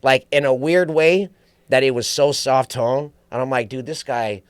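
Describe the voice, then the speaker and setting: A man's voice: mid-range voice, moderate pace, clear, resonant tone, no echo. A man guest on a podcast, telling stories in casual chat with profanity, acting out quoted voices. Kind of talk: casual storytelling.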